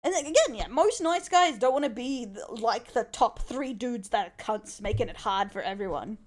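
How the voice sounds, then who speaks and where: An Australian woman streams and reacts in a casual, loose manner, swearing freely and laughing easily. Her voice sits high and bounces all over the place as she talks. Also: animated, normal speed. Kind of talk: casual chat.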